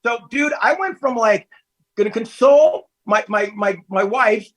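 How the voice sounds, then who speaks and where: Calling in from home with family around, a podcast guest in his fifties chats casually and tells candid stories, quick to laugh. His voice is extremely high-pitched and his pace measured. The recording is rough.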